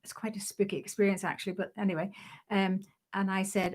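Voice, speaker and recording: An older woman telling her memories in an interview, lively and often laughing. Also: mid-range voice, brisk. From Northern Ireland. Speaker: guest. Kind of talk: storytelling interview.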